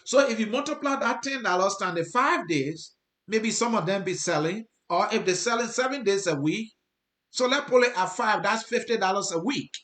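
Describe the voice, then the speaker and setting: A man's voice: high-pitched, lively intonation, moderate pace, a bit bright. Earnest Liberian man in an echoey room. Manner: earnest, repeats points for emphasis. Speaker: host. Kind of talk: commentary to viewers. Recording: roomy, echoey sound.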